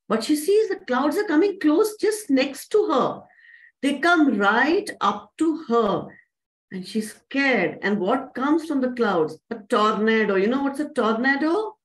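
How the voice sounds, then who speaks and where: A woman narrating a children's story to a young audience in an animated way, asking them questions. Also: high voice, a little slow, poor audio.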